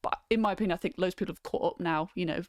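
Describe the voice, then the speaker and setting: A woman's voice: fairly low pitch, very fast, no room sound, studio quality. A woman hosting a casual livestream film chat, talking loosely with many ums and reading out viewer comments. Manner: chatty, reads out viewer comments, frequent ums. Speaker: host.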